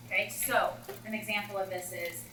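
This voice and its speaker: A woman math coach talking teachers through classroom routines in a chatty, animated way, acting out scenes with students. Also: medium pitch, normal speed, noisy background. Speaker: math instructional coach leading a teacher workshop. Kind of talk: presenting to teachers. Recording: roomy echo, far from the mic, faint ambience.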